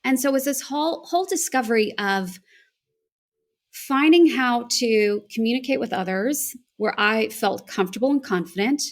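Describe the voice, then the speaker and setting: A woman's voice: a little high, expressive, normal speed. A woman with an American accent, a voice and accent coach, telling a reflective story as an interview guest. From United States. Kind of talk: conversational interview answer.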